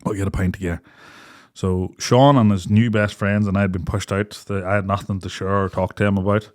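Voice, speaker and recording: A man's voice: sits low, level tone, fairly quick. An Irish man, a young adult podcast co-host, telling a night-out story in casual chat, swearing freely and acting out quotes between bursts of laughter. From Ireland.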